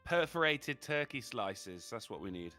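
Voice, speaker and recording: A man's voice: mid-range voice, big pitch swings, a little slow, pushed and bright, faint music behind. A man co-hosting a casual comedy chat, ranting and firing off crude jokes. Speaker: podcast co-host.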